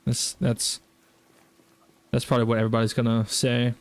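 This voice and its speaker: A man's voice: mid-range voice, little pitch movement, moderate pace. Chatty Southern US man, rambling. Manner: rambling, chatty, many fillers and restarts. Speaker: gaming streamer. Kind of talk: casual live-stream chat while gaming.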